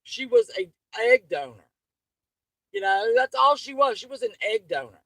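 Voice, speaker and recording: A woman rants on her channel, angry and profane, wandering from point to point. Her voice swings widely up and down and sounds bright and forceful. It is close and dry, with no room sound. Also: a little high, sing-song, normal speed, no echo, rough recording. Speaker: channel host. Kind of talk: livestream rant.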